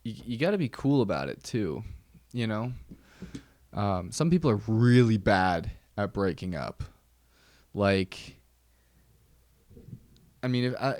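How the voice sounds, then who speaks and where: A man's voice: on the low side, darkish tone, no room sound. A young man hosting a podcast, telling wry stories in a rambling, casual way with lots of fillers. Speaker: podcast host. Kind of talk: casual solo chat.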